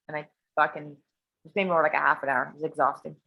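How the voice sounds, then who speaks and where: A woman telling a profane, animated story in casual conversation, acting out voices as she goes. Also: low voice, fast talker, gravelly, muffled recording. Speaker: guest sharing a personal story.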